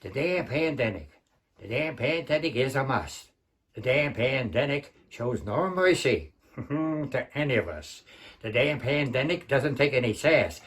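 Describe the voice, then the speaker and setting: A man's voice: medium pitch, very animated, measured pace, a bit bright, pitched below the performer's own voice. A man doing a cocky old-movie tough guy. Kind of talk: open mic impression, sung patter.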